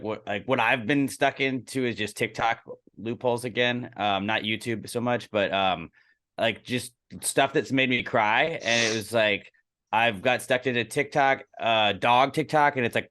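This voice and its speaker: Young man, podcast co-host, casual chat, animated storyteller, mid pitch. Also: clean tone. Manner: animated storytelling, jumps high into excited voices.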